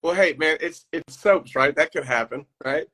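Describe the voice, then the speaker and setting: A man being interviewed as a guest actor over a video call, telling rambling, animated stories in a casual chat and laughing easily. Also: fairly high pitch, normal speed, husky.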